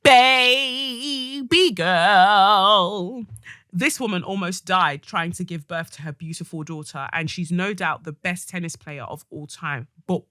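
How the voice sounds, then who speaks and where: A woman's voice: lowish voice, pushed and bright, dry recording, clean studio sound. Blunt, fiery woman podcast host. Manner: blunt, passionate, comic ranting. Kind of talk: solo podcast monologue, reading a listener letter.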